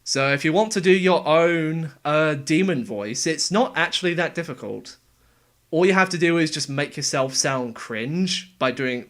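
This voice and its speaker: A young man casually explaining how he made game voices, talking in a relaxed, halting way. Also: on the high side. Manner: halting, relaxed, with fillers and restarts. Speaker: game voice actor and sound editor. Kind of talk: casual developer commentary.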